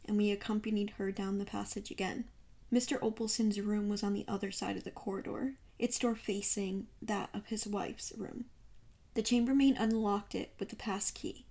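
A woman narrating a classic detective story in a measured reading voice. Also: medium pitch, darkish tone. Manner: measured storytelling read aloud. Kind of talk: audiobook narration.

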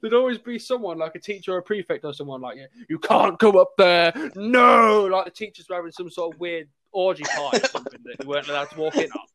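A young man with a slightly raised voice spins a school anecdote in loose podcast chat. He is animated and swears freely, slipping into the voices of the people he quotes. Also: fairly high pitch, rapid-fire, hardly any pauses. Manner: animated, sweary storyteller who acts out quotes. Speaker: podcast co-host. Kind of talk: casual storytelling chat.

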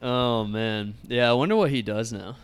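A man's voice: medium pitch, normal speed, clear, resonant tone. A man in casual chat, riffing, swearing and laughing often.

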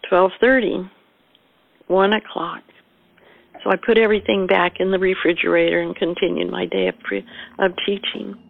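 Older woman with a gravelly voice. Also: fairly low pitch, lively intonation, dry recording, narrow, tinny audio. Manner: measured storytelling, quoting herself and her daughter. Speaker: interviewee, mother of a murder victim. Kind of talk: personal recollection.

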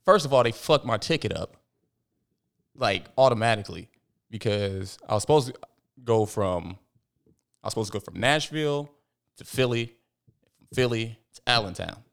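A man, co-hosting a casual podcast chat, telling loose, profane, animated stories. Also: medium pitch, normal speed, creaky, pauses often. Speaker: podcast co-host.

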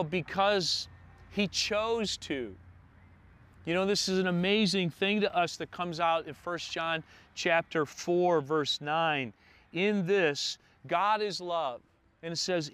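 A man preaching a sermon as a pastor, dwelling on words with slow emphatic pauses. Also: on the high side, a bit bright, clear, resonant tone.

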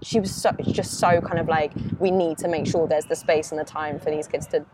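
Young woman, slightly low voice, rambling podcast-guest chat over audible hiss and clicks. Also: a little fast. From Oxford, England. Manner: chatty, many fillers, animated when quoting others. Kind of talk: casual chat. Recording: noisy recording with clicks.

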